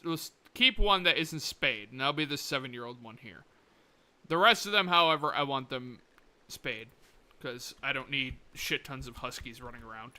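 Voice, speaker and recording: A young man streaming a colony game live, muttering to himself, swearing and breaking into sudden excited outbursts. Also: mid-range voice, moderate pace. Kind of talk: live gameplay commentary.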